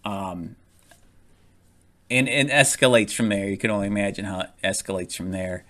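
A man's voice: fairly low pitch, fairly even intonation, normal speed, pushed and bright. A man casually reviewing a movie, rambling with lots of fillers, restarts and frequent laughs.

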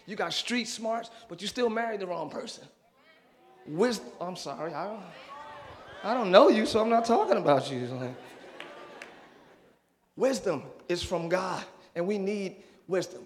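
Preaching in church, a middle-aged pastor with a voice that sits high goes from calm instruction to fervent shouting. Along the way he interjects "woo" and cracks jokes for the congregation.

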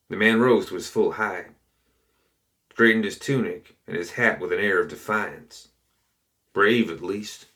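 A man reading a story aloud in a steady, measured narration. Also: lowish voice. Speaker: audiobook reader.

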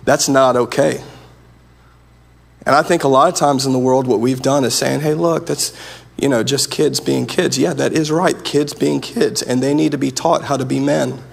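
Gravelly-voiced man preaching earnestly. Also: medium pitch, fairly even intonation, moderate pace. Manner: earnest, conversational preaching with many restarts. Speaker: pastor. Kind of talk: sermon.

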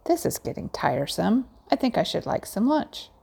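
A woman's voice: mid-range voice, big pitch swings, moderate pace, vocal fry, darkish tone, breathy edge, voice pushed up, exaggerated voice. A woman voicing a genteel little male frog with polite, proper speech in a storybook reading. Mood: prim, mild. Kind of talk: storybook read-aloud.

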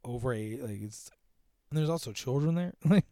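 A man co-hosting a casual movie podcast, joking crudely and slipping into quick voices when he quotes characters. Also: mid-range voice, expressive, mellow, no room sound, clean studio sound. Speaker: podcast co-host.

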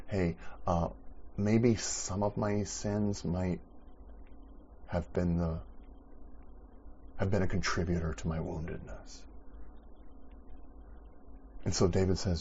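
A man's voice: low voice, fairly even intonation, slow, pauses often, a little mellow, muffled recording, slight background noise. A man preaching a sermon in an earnest, conversational way, often restarting his sentences. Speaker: pastor.

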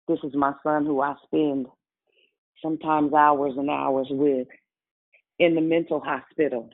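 A woman's voice: low-pitched, little pitch movement, measured pace. Woman preaching a testimony, tinny sound. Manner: conversational, addresses congregation directly. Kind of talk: sermon testimony.

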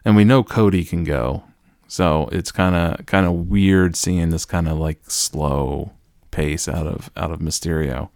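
Deep male podcast co-host, wry and rambling, dry close mic. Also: a little slow, darkish tone, no echo. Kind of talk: casual chat about wrestling.

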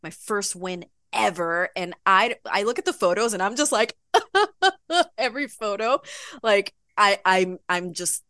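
A woman guest on a podcast, telling an animated story with frequent laughter in a casual chat. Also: mid-range voice, measured pace, no echo, studio quality. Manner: giggly, animated, laughs often. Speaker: podcast guest, bodybuilding pro.

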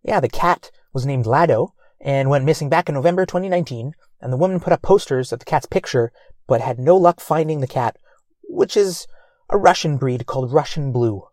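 A man's voice: medium pitch, brisk, darkish tone, no echo. A man hosting a comedy show, delivering a loose comic news monologue with chuckles and crude asides.

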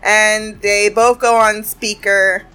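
A woman's voice: medium pitch, little pitch movement, takes it slowly, pushed and bright, smooth. Chatty, profane woman recapping. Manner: chatty, profane, laughing often. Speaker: episode recapper. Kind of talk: casual cartoon episode recap.

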